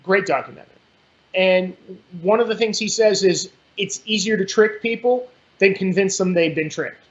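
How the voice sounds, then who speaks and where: A man appears as a podcast guest in a casual political chat, talking bluntly, cursing freely and staying animated. His voice sits high and moves at a moderate pace, captured in dull lo-fi sound.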